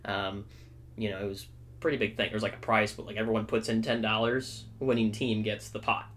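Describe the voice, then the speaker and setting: A young man co-hosting a podcast, telling a story in a casual, animated way with frequent check-ins to his listener. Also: fairly low pitch, fairly quick. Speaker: podcast co-host.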